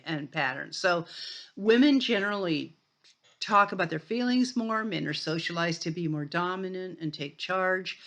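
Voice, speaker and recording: An older woman lecturing on sociology in a conversational way, often pausing with fillers and restarting her sentences. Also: on the low side, a bit bright. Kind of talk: recorded college lecture.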